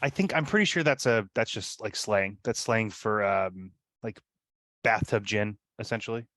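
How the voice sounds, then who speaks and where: A man with a lowish voice talks casually as a player in a tabletop game, asking rule questions and laughing easily. The recording is dry and close. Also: moderate pace, fairly bright tone, no echo. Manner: chatty, asks about rules, laughs easily.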